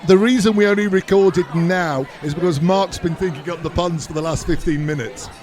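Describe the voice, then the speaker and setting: A man's voice: sits high, a little fast, a little mellow, a faint crowd. A man co-hosting a travel video, describing sights and teasing his partner. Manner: teasing, wisecracking. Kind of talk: travel vlog banter and description.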